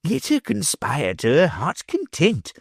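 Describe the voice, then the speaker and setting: A man voicing a cunning male chancellor who speaks low and conspiring. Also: wildly swooping pitch, measured pace, gravelly, slightly rough, no echo, clean studio sound, full character voice. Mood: conniving.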